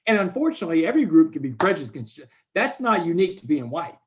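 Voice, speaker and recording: Emphatic man in his forties, higher voice. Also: big pitch swings, very fast, hardly any pauses. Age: 40s. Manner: emphatic, repeats words, addresses listeners as "man" and "y'all". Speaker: guest speaker. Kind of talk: conversational storytelling. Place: online video call.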